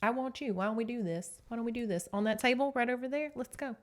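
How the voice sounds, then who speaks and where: A woman's voice: fairly high pitch, fast talker, pitched above the performer's own voice, lightly acted. A woman voicing a bold, defiant young Viking woman who teases and taunts. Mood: sassy. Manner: sassy, taunting.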